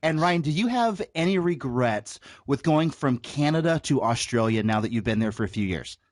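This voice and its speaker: A man's voice: mid-range voice, animated, moderate pace, no room sound, studio quality. A man hosting an interview podcast, asking his guest chatty, playful questions. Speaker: podcast host.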